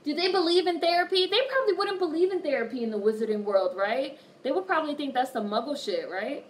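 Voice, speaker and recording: A woman's voice: high voice, animated, quick pace. A woman hosting a casual livestream, reading viewer comments aloud and answering them with plenty of swearing. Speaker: livestream host. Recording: distant mic with faint background noise.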